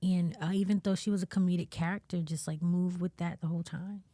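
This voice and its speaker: A woman speaking as a guest actress in a casual interview, animated, laughing often, her pitch leaping up when she gets excited. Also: fast, no echo, clean studio sound.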